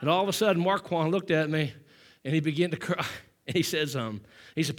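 A male pastor preaching a sermon with call-and-response, swinging from hushed storytelling to loud exhortation, short of breath. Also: on the high side, fast talker.

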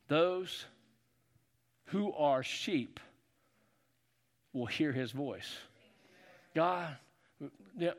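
Male pastor, high-pitched, fervent sermon delivery with call-and-response. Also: expressive, extremely slow, creaky, pauses often. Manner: preachy call-and-response, building to shouts.

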